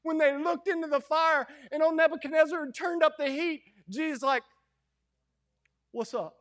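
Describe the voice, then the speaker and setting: A man preaching a fervent Baptist sermon, moving between hushed lines and loud, fiery ones. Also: very high voice, fairly even intonation, brisk. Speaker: Baptist pastor.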